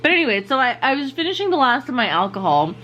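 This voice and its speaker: A young woman with a fairly high voice tells a friend-filled night-out story, a little tipsy and easygoing. Her talk is loose and slangy, full of "like" and "dude." A faint ambient hum sits behind her. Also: big pitch swings, fast talker, pushed and bright, lo-fi sound. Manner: laid-back, slangy, says "like" a lot. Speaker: vlogger. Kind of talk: casual storytelling chat.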